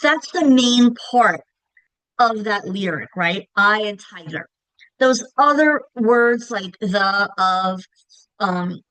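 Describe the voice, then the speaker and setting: This middle-aged woman has a Long Island accent and a medium-pitched, fairly bright voice. In poor, dry audio, she presents a reading lesson, explaining as she goes and often asking listeners "right?"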